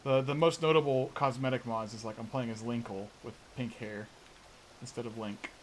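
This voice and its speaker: A man's voice: mid-range voice, fairly even intonation, moderate pace, a little hiss or hum. Chatty man streaming a game. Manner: rambling, chatty, many fillers and restarts. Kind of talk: casual live gameplay commentary.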